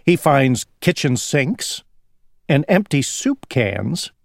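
A man reading a children's story aloud slowly for English learners, drawing words out. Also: medium pitch, vocal fry, no echo, clean studio sound. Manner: slow, lively, drawn-out reading. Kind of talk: slow storybook read-aloud.

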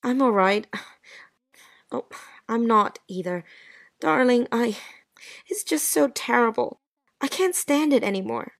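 A woman's voice: a little high, animated, a little slow, long pauses, dry recording, clean studio sound. A woman playing Jean, a lovesick, anxious woman. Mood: sad. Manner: pleading, breathless and emotional. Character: anxious, lovesick young wife pleading with her absent man. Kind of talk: dialogue-story drama reading.

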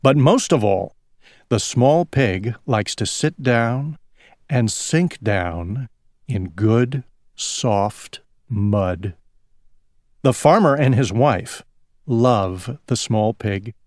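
A man reading a picture book aloud in a slow, expressive storytelling manner. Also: medium pitch, dry recording, studio quality.

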